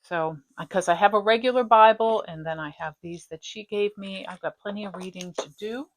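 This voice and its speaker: A woman's voice: mid-range voice, brisk. A middle-aged woman hosting a stitching vlog, chatting casually and rambling from one topic to the next. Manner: chatty, rambling, warm-hearted. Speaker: flosstube host. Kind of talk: casual chat.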